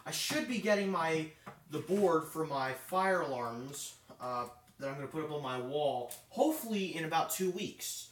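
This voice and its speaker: Rambling male hobbyist on a live stream, fillers and asides, slightly raised pitch, echoey room sound. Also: animated, normal speed, fairly bright tone, slight background noise. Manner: rambling, filler-heavy, thinking aloud. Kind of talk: casual live stream chat. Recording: roomy echo.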